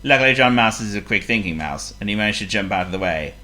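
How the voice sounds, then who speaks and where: A woman reading a children's story aloud, expressive and playful, asking the listener questions. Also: very deep voice, fast talker.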